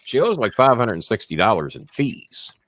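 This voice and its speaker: A man's voice: on the low side, sing-song, normal speed, a bit bright. A man hosting a casual livestream show, telling rambling, profane stories. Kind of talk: casual chat and storytelling.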